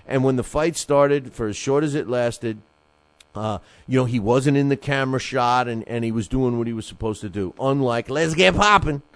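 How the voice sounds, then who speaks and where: A man's voice: mid-range voice, normal speed, no echo. A middle-aged man hosting a boxing talk show, rambling and getting fired up, with many restarts and fillers. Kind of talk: casual radio-style commentary.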